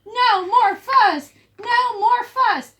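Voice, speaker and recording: A squeaky, shouting crowd of little storybook prairie dogs, as a woman reading aloud puts them on. Their cheers pop high and bright, and they chant together in loud bursts. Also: drawn-out words, heavily acted.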